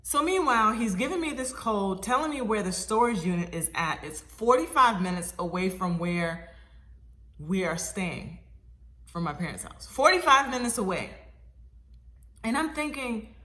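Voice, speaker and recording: A woman vlogger telling a personal story in a casual storytime style, animated and exclaiming, quick to laugh. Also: mid-range voice.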